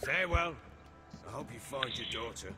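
A man's voice: medium pitch, expressive, moderate pace, lightly acted. An actor playing a boastful middle-aged warlord baron in a video game, blustery and coarse as he tells his stories. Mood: gruff. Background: game music.

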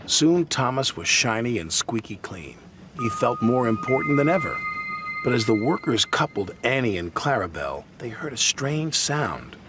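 Man reading a lively storybook. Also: mid-range voice, moderate pace, over loud music. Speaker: narrator.

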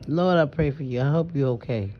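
In a low voice and at a slightly fast pace, a woman from New Orleans vlogs from bed late at night. She rambles and stammers, speaking emphatically and swearing without restraint. Her phone captures muffled lo-fi audio with a little hiss or hum.

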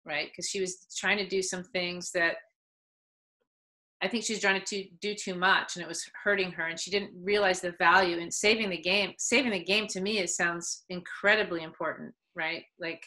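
A woman's voice: lowish voice, moderate pace, rough recording. A middle-aged woman, a soccer head coach, telling stories in a casual interview and acting out the people she quotes. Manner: animated, acts out quoted people.

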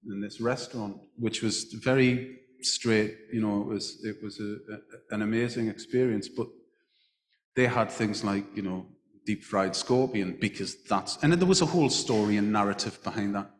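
An English man with a lowish voice speaks at normal speed as the guest at a live stage talk in a large book festival hall. He tells a long anecdote with many restarts, and the echoey hall adds roomy reverb.

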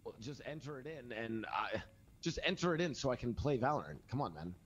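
A man's voice: medium pitch, very animated, a little fast, slightly rough, lo-fi sound. A man playing a pushy, impatient city mayor in game role-play.

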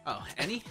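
A man streaming a word game, muttering his guesses aloud and laughing at himself. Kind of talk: casual gameplay chat.

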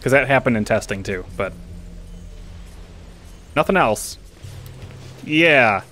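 A man's voice: mid-range voice, animated, slow, pushed and bright, faint music behind. A man streaming a video game, chatting casually with friends and chuckling often. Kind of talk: casual let's-play chat.

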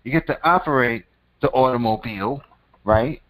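On a rough recording with slight background noise, a man with a voice on the low side speaks unhurriedly. He hosts his own channel, dishing out casual, slangy advice in an emphatic, profane, preachy and repetitive way while calling the listener "son."

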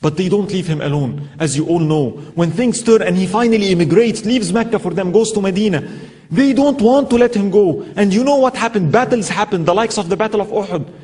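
A man's voice: high-pitched, expressive, brisk, darkish tone. A man giving a sermon talk, telling stories with emphatic rhetorical questions. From Egypt. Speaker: Islamic speaker. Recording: lecture hall with long reverb.

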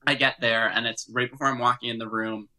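A young man who is a podcast guest, chatting casually and telling expressive stories that swing between hushed asides and loud laughs. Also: mid-range voice, quick pace, poor audio. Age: young adult. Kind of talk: casual chat.

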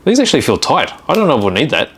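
A man hosting a workshop video, calmly explaining each step of a kit build in casual chat. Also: medium pitch, very fast, noisy background. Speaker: hobby shop host building a kit.

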